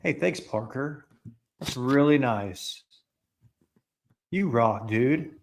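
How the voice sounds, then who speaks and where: A man's voice: mid-range voice, lively intonation, slow, a little hiss or hum. Teasing man with a Worcester accent. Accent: Worcester, Massachusetts. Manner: playful, teasing. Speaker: podcast co-host. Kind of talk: casual sports chat.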